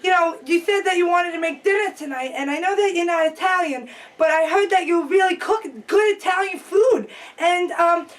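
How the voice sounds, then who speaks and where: Eager young woman in glasses, played by a woman; very high, breathless, gushing, for an improv sketch. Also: moderate pace, few pauses, far from the mic. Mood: rambling. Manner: gushing, breathless, giggly, rambling.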